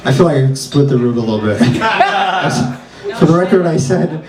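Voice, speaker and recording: A young man doing a deadpan, dark stand-up set on a small club stage. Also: normal speed. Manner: deadpan, dark-humored, with sudden jumps in pitch. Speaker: stand-up comedian. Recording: roomy live club from a distance with crowd. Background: audience laughter.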